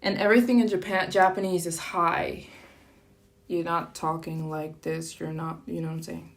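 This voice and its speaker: A woman hosting a casual live stream, chatting lightly and animatedly, jumping up in pitch for sample phrases. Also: flat delivery, normal speed, gravelly. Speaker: livestream host.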